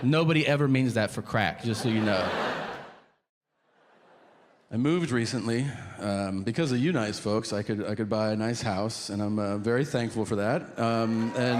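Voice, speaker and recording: A man doing stand-up storytelling on a live stage, profane and incredulous, with deadpan punchlines. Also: mid-range voice. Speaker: stand-up comedian. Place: live comedy stage before an audience. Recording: noisy live stage recording.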